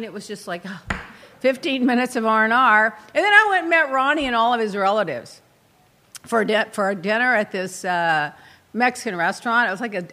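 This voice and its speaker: A woman hosting a talk show, telling a long, rambling personal story in casual chat and acting out her own asides. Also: mid-range voice. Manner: animated, rambling, quotes herself in asides. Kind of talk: chatty storytelling monologue.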